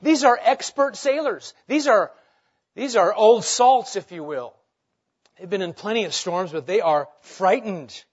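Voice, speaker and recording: Guy preaching, fairly high voice, goes loud then quiet, kinda dull lo-fi sound. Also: a little slow, breathy edge. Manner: dramatic swings between loud and hushed delivery; rhetorical questions to the congregation. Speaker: pastor. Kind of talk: sermon.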